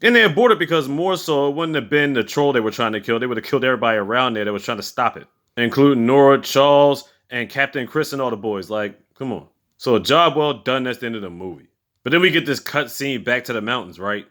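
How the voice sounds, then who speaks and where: A man's voice: mid-range voice, animated, fast talker, fairly bright tone. A man giving a casual, profane, slang-heavy recap of a movie's plot. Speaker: movie reviewer.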